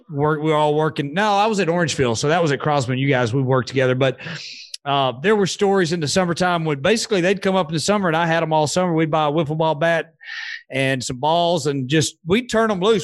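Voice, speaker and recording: A man's voice: on the high side, dry recording. A man hosting a casual video-call podcast, easygoing and drawling with fillers. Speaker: podcast host and coach. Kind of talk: casual chat.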